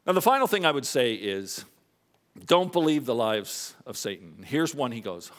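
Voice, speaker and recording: A pastor in his fifties preaching a sermon in a church, shifting between quiet confessional moments and raised emphatic points. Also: moderate pace. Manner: animated preaching, swings between soft confessional lows and raised emphatic highs. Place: church sanctuary.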